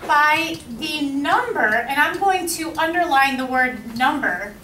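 Bright-voiced woman teaching chemistry in an echoey classroom. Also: sits high, lively intonation, takes it slowly, slight background noise. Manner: asks the class questions and repeats their answers. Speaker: high school chemistry teacher. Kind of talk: classroom lecture. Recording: echoey classroom, mic at a distance.

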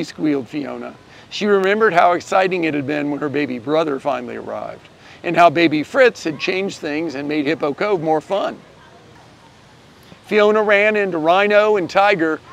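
A man reading a children's picture book aloud, gently telling the story and shifting his voice a little for each character. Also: on the high side, expressive, moderate pace, vocal fry. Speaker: storybook reader.

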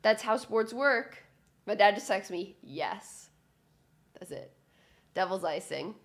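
A young woman giving a chatty live reaction to a hockey game as a fan, excitable and cheering loudly. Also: medium pitch, slow pace. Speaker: sports fan streamer.

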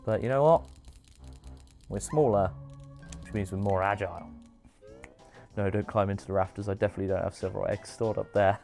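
A man hosting a live speedrun stream, chatty and excitable, with frequent exclamations and cheers. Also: on the low side, normal speed, vocal fry, long pauses, soft background music. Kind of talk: live gameplay commentary.

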